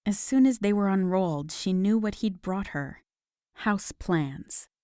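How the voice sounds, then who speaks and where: Woman narrator, audiobook romance, calm even delivery, warm mellow tone, dry close recording. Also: mid-range voice, no room sound. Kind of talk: scripted narration.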